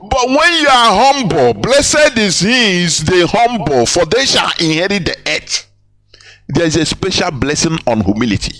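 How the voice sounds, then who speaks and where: A man's voice: sits high, big pitch swings, a little slow, fairly bright tone, rough recording. A man hosting a radio program, talking in a preachy, rambling way and dropping into phrases. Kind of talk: impassioned radio talk.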